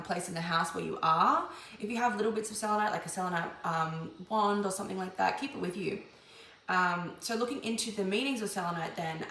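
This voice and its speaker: Gravelly-voiced woman tarot reader, echoey room. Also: lowish voice, pushed and bright. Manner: meandering, many ums and restarts. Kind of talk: casual spiritual channeling monologue.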